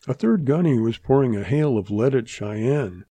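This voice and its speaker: A man narrating a western story in a measured, deliberate reading voice. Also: medium pitch, animated, dark tone, breathy edge, no echo.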